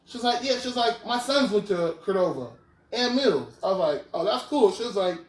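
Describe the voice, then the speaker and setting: In a high-pitched, animated voice at a brisk pace, a twenty-something podcast host recounts a story in slang, frequently tossing in "you feel me." The mic is distant and the room sounds roomy.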